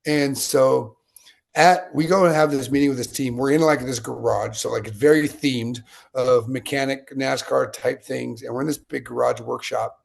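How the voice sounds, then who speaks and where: Gravelly man in his late thirties. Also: medium pitch, fairly even intonation, moderate pace. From Utah. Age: late 30s. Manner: conversational, digressive storyteller. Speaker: guest. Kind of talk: casual storytelling interview.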